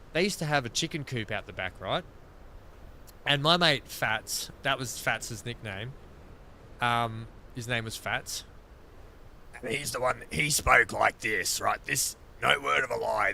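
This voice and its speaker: A man's voice: medium pitch, pushed and bright, a little hiss or hum. An Australian man streaming a game, rambling through casual stories and laughing often. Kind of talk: casual chat while gaming.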